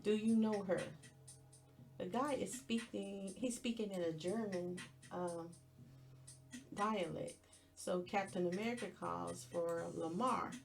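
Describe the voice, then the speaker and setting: A woman hosting a podcast, recapping a TV episode in a chatty, expressive way with playful asides. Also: on the low side, slow pace, creaky, soft background music. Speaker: podcast host.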